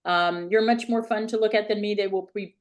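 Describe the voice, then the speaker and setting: A woman hosts a casual podcast over a video call. She gushes warmly at her guest with compliments and talks in a loose, chatty way. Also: medium pitch, steady tone, a little fast, dull audio. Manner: effusive and complimentary. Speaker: podcast host. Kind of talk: casual interview chat.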